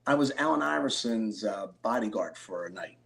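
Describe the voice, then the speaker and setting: A middle-aged man from Philadelphia, a card collector and interview guest, telling stories with excited bursts. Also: on the low side, moderate pace, vocal fry. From Philadelphia, USA. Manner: animated storyteller, excitable bursts. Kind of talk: storytelling interview.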